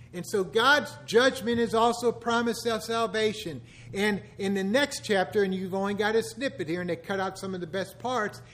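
High-voiced older pastor with wry asides. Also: male voice, fairly bright tone. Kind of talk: conversational sermon.

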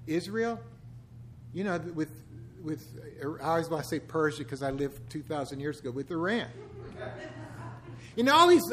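High-voiced older pastor with wry asides. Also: male voice, fairly bright tone. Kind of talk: conversational sermon.

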